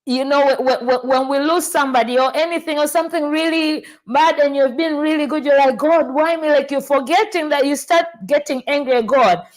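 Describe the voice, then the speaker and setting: A woman from Tanzania hosting a casual podcast chat, telling stories in an animated way and often repeating words as she starts a sentence. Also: high-pitched, a little fast, hardly any pauses. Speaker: podcast host.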